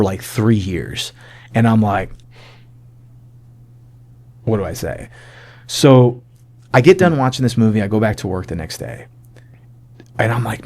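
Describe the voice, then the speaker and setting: A man's voice: on the low side, moderate pace, a little mellow. A man, a podcast guest, telling a personal testimony in an emotional storytelling way, full of fillers and acted-out bits of dialogue. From United States.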